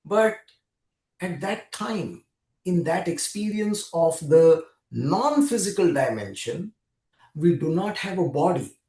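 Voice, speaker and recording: A man gives an earnest spiritual talk and walks the listener through a story in a direct, guiding way. His voice is a little high for a man. The room adds a clear echo around him. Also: darkish tone. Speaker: spiritual speaker and regression therapist. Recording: roomy echo.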